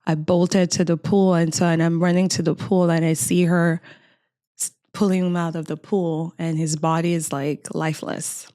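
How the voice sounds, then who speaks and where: A woman's voice: fairly low pitch, little pitch movement, moderate pace, warm tone, smooth, no room sound, studio quality. A middle-aged woman from Cameroon, a podcast guest earnestly recounting a frightening personal memory in conversation.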